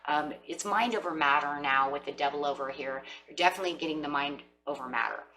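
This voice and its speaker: Her voice is deep, pushed, and bright as she delivers a tarot reading at a quick pace, addressing viewers directly and voicing what the people in the reading might say. Faint music plays behind her, and the audio quality is poor.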